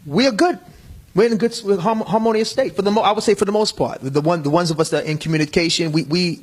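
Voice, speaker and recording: A middle-aged man talks earnestly in a casual discussion, with a preachy tone and plenty of repeated words. His voice sits a touch high and has a husky grain. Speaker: panel guest.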